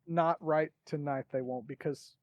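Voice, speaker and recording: A man's voice: on the high side, steady tone, moderate pace, dry recording, muffled recording. A man playing in a tabletop game, talking things through in a chatty, reasoning way. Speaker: player. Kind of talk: casual tabletop role-play.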